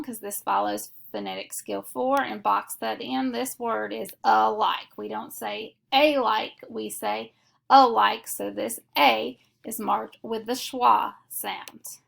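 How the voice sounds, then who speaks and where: A woman teaching a phonics lesson, explaining each step slowly and methodically. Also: fairly high pitch, creaky, fairly bright tone. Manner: slow, deliberate, methodical explanation.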